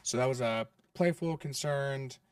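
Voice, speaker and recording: Low-key man asking interview questions. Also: a little slow, clear, resonant tone, no room sound, studio quality, recorded from a distance. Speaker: podcast host. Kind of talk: podcast interview.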